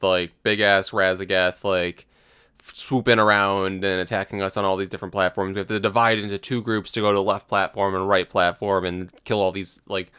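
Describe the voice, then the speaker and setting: A man's voice: lowish voice, a bit bright, clear, resonant tone, no echo, clean studio sound. A man co-hosting a podcast, rambling through casual gaming chat with lots of "like" as filler. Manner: rambling, heavy use of "like". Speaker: podcast co-host.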